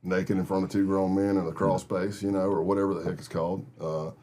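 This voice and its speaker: A man's voice: low-pitched, level tone, brisk, warm tone. A middle-aged man from Texas, a guest telling vivid stories in a casual interview and acting out other people's lines. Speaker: guest, retired FBI agent.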